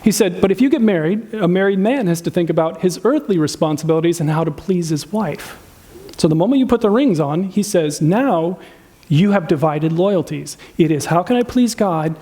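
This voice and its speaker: A pastor with a high-sitting, dark-toned voice preaches on relationships at a moderate pace, animated throughout. He keeps it conversational, asks the congregation questions, and acts out spouses' complaints in a raised voice.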